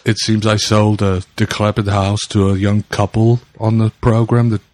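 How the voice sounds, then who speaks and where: A man doing an impression of a brooding older filmmaker with a German accent, speaking slowly, gravely and deadpan. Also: lowish voice, dry recording, pitched below the performer's own voice, lightly acted. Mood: deadpan gloom. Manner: slow, grave, deadpan delivery.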